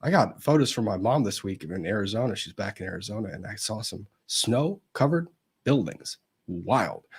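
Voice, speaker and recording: Husky-voiced man hosting a chatty livestream. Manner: chatty, greets viewers by name and place, pitch swinging up and down. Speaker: livestream host of a legal commentary show. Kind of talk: casual live-stream chat, reading viewer comments aloud.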